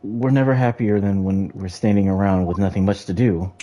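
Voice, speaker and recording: Dude doing deep stern old judge voice, slow and proper. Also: male voice, steady tone, warm tone, slight background noise, lightly acted. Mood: formal. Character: stern older British male chief judge. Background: game music.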